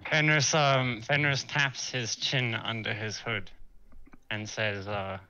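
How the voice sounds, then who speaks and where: A man's voice: medium pitch, little pitch movement, slow pace, pushed and bright, smooth, lo-fi sound. A man playing a tabletop game who describes his character's actions in the third person. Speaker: player. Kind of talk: tabletop role-play.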